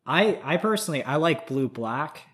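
A man's voice: fairly high pitch, expressive, moderate pace, fairly bright tone. A man co-hosting a casual podcast chat, reminiscing in an easygoing, reflective way. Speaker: podcast co-host.

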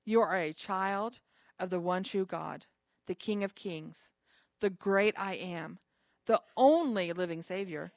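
A woman's voice: on the low side, slow pace, no room sound, studio quality. A woman pastor giving an informal sermon to a small group, talking conversationally with chatty asides between scripture readings.

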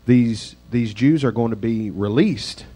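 A man's voice: medium pitch, a little slow, mellow, husky. A male pastor giving a casual, conversational sermon with rambling, self-deprecating asides.

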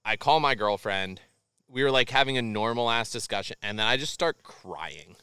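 Man, podcast guest, animated storyteller, casual swearing, dry close sound. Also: medium pitch, normal speed, clear, resonant tone, dry recording. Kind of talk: casual chat over beers.

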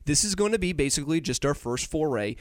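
A man's voice: on the high side, expressive, quick pace, no echo, studio quality. A young man co-hosting a casual podcast on a headset, upbeat and joking, rambling with restarts. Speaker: podcast co-host.

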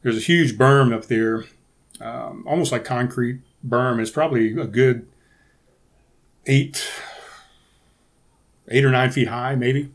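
A man's voice: medium pitch, fairly even intonation, slow pace, pauses often. A man in a mid-range voice hosts a casual solo podcast. He rambles, restarts his sentences and swears freely, talking close to a podcast microphone. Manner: rambling and profane, with many restarts. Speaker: podcast host.

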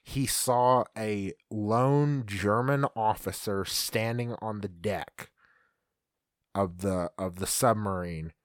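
Low-voiced man telling eerie tales. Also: takes it slowly, dry recording, studio quality. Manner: retells creepy history with fillers and stumbles. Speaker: podcast co-host. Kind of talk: casual storytelling chat.

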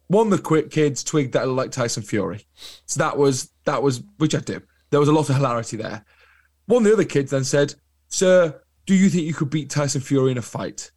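A young adult man with an English accent, co-hosting a podcast in casual chat, telling animated anecdotes. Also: mid-range voice. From England. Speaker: podcast co-host.

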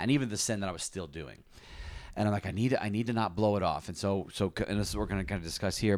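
A man's voice: sits low, clean tone, no room sound, clean studio sound. A man who is a pastor, telling a personal testimony in conversation, earnest and confessional.

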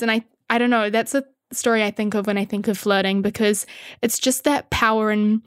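A woman's voice: medium pitch, flat delivery, a little fast, clear, resonant tone, no echo, clean studio sound. A young woman chatting candidly with viewers, swearing freely and laughing often. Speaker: content creator answering viewer questions. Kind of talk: casual chat with viewers.

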